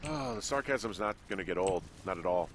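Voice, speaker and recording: A deadpan fire lookout in a video game, with a very deep, low voice. He delivers his lines with a dry, sarcastic edge, and there is noticeable noise behind him. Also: a little fast. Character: dry-humored middle-aged male fire lookout. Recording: game audio with background noise.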